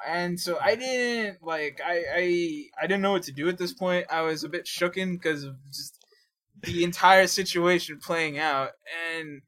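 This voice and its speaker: A man's voice: high-pitched, measured pace, fairly bright tone. A young man chatting casually on a podcast, telling a story from work in a rambling way with lots of fillers and restarts, laughing often. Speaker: podcast co-host.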